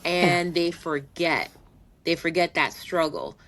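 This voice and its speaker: A woman's voice: lowish voice, lively intonation, takes it slowly, a bit bright. A woman co-hosting a podcast, speaking frankly and emphatically in casual chat. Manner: frank, emphatic, acts out quoted voices. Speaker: podcast co-host. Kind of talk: casual conversational podcast talk.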